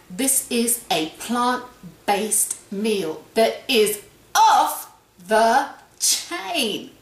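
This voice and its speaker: A woman hosting a casual cooking demonstration in a home kitchen, chatty and repeating her phrases as she tastes the food. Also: medium pitch. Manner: chatty, repeats phrases, talks while eating. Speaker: cooking show host. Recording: echoey kitchen with faint noise.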